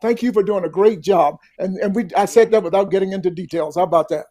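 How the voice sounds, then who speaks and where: An older man with a strikingly high voice trades jokes and teasing in casual banter. He talks like a comedian working a panel. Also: fast, warm tone. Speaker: comedian guest.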